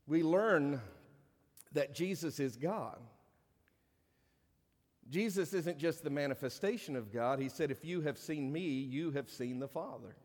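A man pastor delivering a sermon, rising to emphatic peaks and dropping to hushed lines. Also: a little high, measured pace, long pauses. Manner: preaching with swelling emphasis and hushed drops. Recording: long reverb of a large hall.

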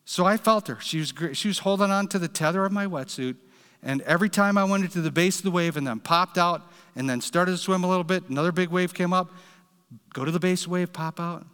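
A man's voice: high voice, fairly quick, a bit bright, clean tone, in a large hall. A man preaching a sermon, telling a story in an earnest, direct way. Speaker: pastor.

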